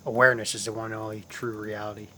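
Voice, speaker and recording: A man's voice: on the low side, little pitch movement, racing, bright, forceful tone, a little hiss or hum. A man hosting his own channel, talking casually and at length about spiritual ideas, often repeating himself and calling his viewers guys. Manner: rambling, repeats phrases, addresses viewers as guys.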